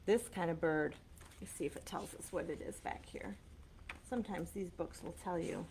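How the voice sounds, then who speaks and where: A woman librarian reading a picture book aloud to small children, animated and coaxing, asking them questions, recorded on a webcam. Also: on the low side, normal speed, vocal fry, a little hiss or hum. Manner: animated, sing-song, coaxing questions to kids.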